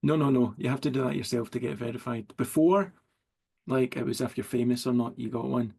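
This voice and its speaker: A Scottish writer in a relaxed video-call interview, easygoing and often chuckling as he talks. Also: mid-range voice, fairly quick, vocal fry, breathy edge. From Scotland. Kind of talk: casual interview chat.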